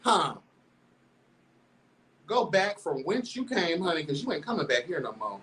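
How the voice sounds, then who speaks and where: A man's voice: fairly high pitch, unhurried, recorded from a distance, slight background noise, low-quality recording. Sassy, flamboyant man telling a story. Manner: sassy, flamboyant, calls listeners "girl" constantly; animated, laughs through the telling. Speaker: host. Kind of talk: candid storytelling commentary.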